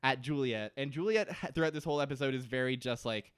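A man's voice: medium pitch, quick pace, slight background noise. A man co-hosting a casual podcast, recapping a TV episode, laughing often and acting out the characters' lines. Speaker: podcast co-host.

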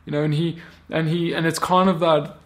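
A man's voice: fairly high pitch, little pitch movement, a little fast. A man teaching a Torah portion in a sermon, talking animatedly and often acting out the biblical figures' words in character. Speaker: Bible teacher.

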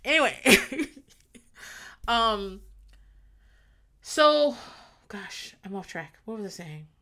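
A young woman talks through her favorite sitcom moments in loose, rambling chat. Her voice is bright and forward, and she slips into quick acted-out lines for the characters. She laughs often and loses her track, then picks it back up. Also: a little high, lively intonation. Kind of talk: casual chat recapping a sitcom.

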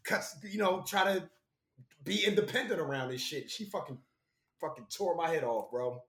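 A man's voice: fairly high pitch, lively intonation, normal speed, fairly bright tone, roomy sound. A young man in casual chat, rambling and swearing a lot, often saying bro and yo. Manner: profane, rambling, says bro and yo.

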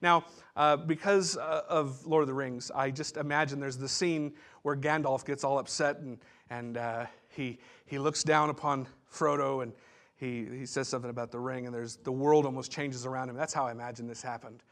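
A man's voice: medium pitch, fairly even intonation, normal speed, a bit bright. A man pastor giving a sermon, teaching in a conversational way with asides and restarts.

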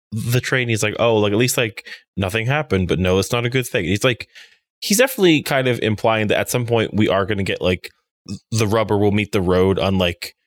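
A young man with a low voice, recorded close and dry, co-hosting a casual chat. He rambles through his ideas, packing his speech with fillers. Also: a bit bright, no echo. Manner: rambling, many fillers, theorizing. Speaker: podcast co-host.

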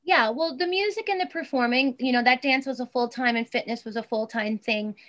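A woman's voice: on the high side, a little fast, a bit bright. A woman in her thirties, a guest in an interview, speaking earnestly and with emotion, with many fillers and restarts. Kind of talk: personal interview.

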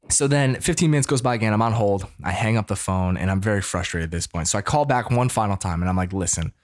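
A man in his thirties from the United States, telling a story casually in an animated, preacher-like way. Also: lowish voice, normal speed. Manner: animated, preacher-like call-and-response.

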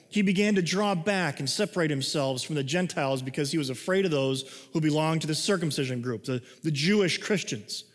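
A man preaching a sermon in a conversational way, reading scripture and explaining it, moving between excited and hushed delivery. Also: sits high. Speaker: pastor. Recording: long hall reverb.

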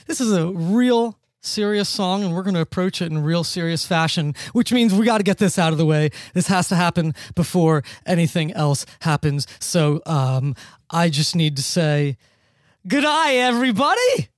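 A man's voice: a little high, normal speed, no echo, studio quality. A man hosting a podcast in casual, jokey banter, often breaking into laughter. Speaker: podcast host. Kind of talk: casual comedic music-critique chat.

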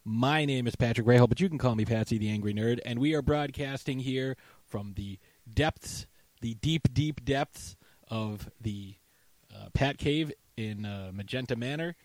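A man's voice: mid-range voice, moderate pace, darkish tone, dry recording. A man hosting a casual podcast, teasing his co-host with jokey banter.

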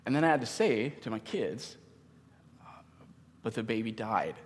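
A man in his thirties, a pastor giving a sermon in an earnest, halting way with many pauses. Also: mid-range voice, sing-song, big-room sound.

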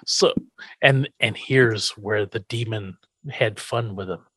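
A man's voice: on the low side, takes it slowly, fairly bright tone, slightly rough, no echo, studio quality. A man co-hosting a podcast, recapping an old sitcom episode in casual, profane chat and acting out the characters' lines. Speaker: podcast co-host.

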